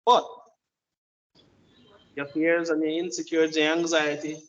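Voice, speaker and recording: A man's voice: fairly high pitch, little pitch movement, measured pace, a bit bright, lo-fi sound. A man with a Jamaican accent delivering an emphatic, preachy opinion monologue, often repeating his words. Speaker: commentator.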